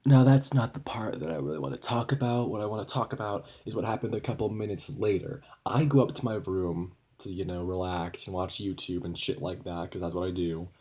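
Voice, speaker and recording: A young man talks straight to his camera in a loose, rambling vlog, swearing often and sounding fed up. His voice sits fairly low for a man. He restarts sentences and piles on asides as he vents. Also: fairly quick, hardly any pauses, mellow. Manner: rambling, profane, frustrated. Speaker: vlogger. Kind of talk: casual venting vlog.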